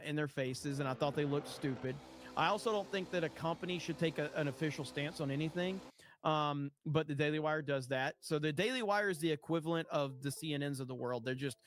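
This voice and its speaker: A man on a live stream with a fairly high speaking voice, talking loosely and jokily as he reads out donations. He rambles with plenty of fillers and drops casual swear words. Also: brisk.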